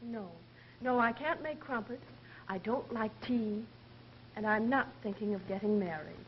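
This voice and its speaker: An actress voices a level-headed private nurse from England, cool, dry, and deflecting. Her fairly high, natural voice is a little slow, heard through a dull, hissy 1930s film soundtrack.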